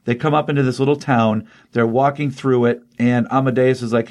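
Man rapidly recapping a comic book. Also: medium pitch, fairly even intonation, darkish tone. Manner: fast, rambling retelling with filler ums. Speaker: podcast co-host.

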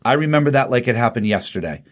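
A middle-aged man co-hosts a podcast, retelling comic plots casually and chattily with lots of fillers. His medium-pitched voice is expressive and fast in this relaxed review chat.

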